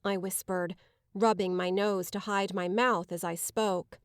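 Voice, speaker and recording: A woman reads a dark romance audiobook in the first person, with measured, dramatic pacing. Her voice sits at a mid pitch, and the recording is dry and close with no room sound. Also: steady tone, clear, resonant tone, no echo. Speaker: audiobook narrator. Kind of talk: first-person scripted narration.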